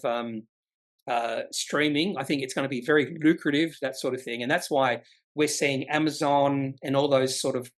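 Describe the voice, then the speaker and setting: A man hosting a casual daily stock market rundown, chatty and rambling with asides. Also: medium pitch. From Australia. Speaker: stock market video host.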